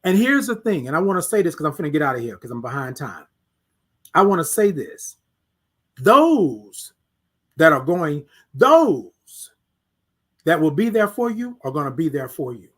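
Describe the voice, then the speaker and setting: A man hosting a morning livestream, giving a preachy, repetitive motivational talk and reading out viewer comments, moving between hushed words and loud emphatic bursts. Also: a little high, sing-song, moderate pace, slightly rough. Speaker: host.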